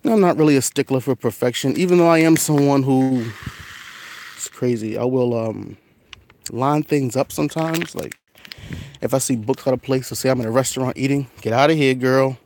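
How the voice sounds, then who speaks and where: A man's voice: normal speed, darkish tone, slight background noise. Chatty man rambling in his garden. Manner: chatty, rambling, talks to his cats in a high coaxing voice. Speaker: gardening vlogger. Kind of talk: casual vlog talk while gardening. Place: outdoor container garden. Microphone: phone camera.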